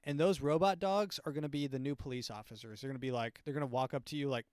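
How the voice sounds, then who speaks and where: A man's voice: medium pitch, fast talker, few pauses, a little mellow, clean tone. A young male comedy podcast host with a sardonic, rambling delivery that keeps circling back and restarting. His voice sits in an ordinary middle register. The sound is close and dry, with no room echo. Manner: rambling, full of filler words and restarts, sardonic.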